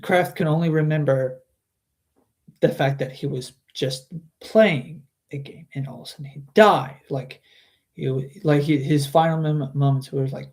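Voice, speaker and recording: A man's voice: a little high, steady tone, a little slow, a little mellow. A man reading a book aloud on a stream, chatting about the story between passages and often restarting his sentences. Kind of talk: casual book reading with commentary.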